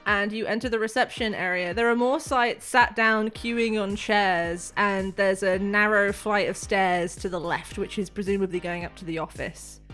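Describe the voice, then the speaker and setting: A woman's voice: medium pitch, a bit bright. A woman narrating a tabletop game as game master, laughing often and putting on character voices. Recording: music faintly behind.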